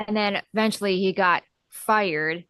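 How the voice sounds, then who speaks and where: Relaxed woman co-host, dry sound. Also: mid-range voice, moderate pace, clean tone, dry recording. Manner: relaxed, chimes in with short recaps. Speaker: podcast co-host. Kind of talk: casual movie chat.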